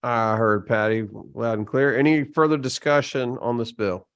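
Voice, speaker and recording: A man chairing a legislative committee meeting, speaking haltingly with many fillers and restarts. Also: medium pitch, a bit bright, smooth. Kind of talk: formal committee proceedings.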